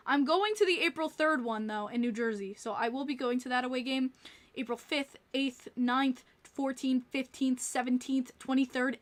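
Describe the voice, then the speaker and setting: Chatty Long Island woman, high voice. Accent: New York, Long Island. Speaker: podcast host reading live chat. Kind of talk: casual livestream chat.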